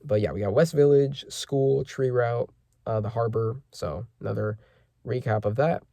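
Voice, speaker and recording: A man's voice: medium pitch, steady tone, normal speed, creaky, warm tone, no echo. A man hosting a casual manga chapter reaction, rambling with lots of fillers and self-corrections as he reads panels aloud.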